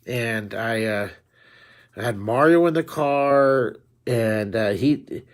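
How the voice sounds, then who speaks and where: A man's voice: medium pitch, takes it slowly. A middle-aged man, a drawing teacher, chatting live with his viewers in a friendly, rambling way with frequent restarts. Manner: friendly, talks straight to viewers. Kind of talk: live-stream chat with viewers.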